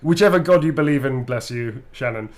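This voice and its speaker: A man's voice: medium pitch, brisk. A man hosting an autograph live stream, chatting casually in a playful, self-mocking way.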